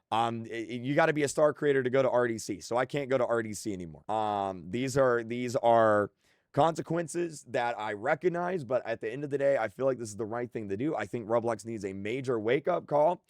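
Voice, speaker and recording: An earnest man with a mid-pitched voice pours out his frustration in a heartfelt monologue. He often stumbles and restarts his sentences. The sound is dry and close. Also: no room sound. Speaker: game creator. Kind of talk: impassioned monologue.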